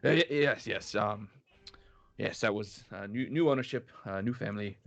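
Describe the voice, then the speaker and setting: A man's voice: on the low side, normal speed, creaky, no room sound, dull audio. A man voicing a nervous, fawning male dockhand who stammers and hesitates constantly. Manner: stammering, fussy, full of hesitations.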